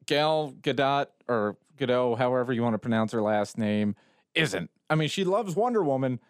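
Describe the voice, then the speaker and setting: A man's voice: mid-range voice, expressive, moderate pace, clear, resonant tone, dry recording, studio quality. A man co-hosting a podcast, emphatic and exasperated in casual chat, often breaking off mid-sentence. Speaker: podcast co-host.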